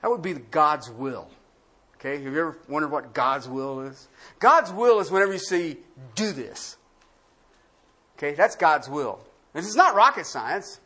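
A man pastor preaching a sermon, swinging from hushed, quiet lines to loud, acted-out quotes. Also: fairly high pitch, sing-song, unhurried.

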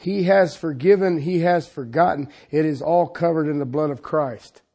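Male preacher, sermon, gravelly voice, high pitch, folksy, loud and then hushed by turns. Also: moderate pace. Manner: swings between loud exclamations and quiet intimate asides; folksy and humorous, addresses listeners directly.

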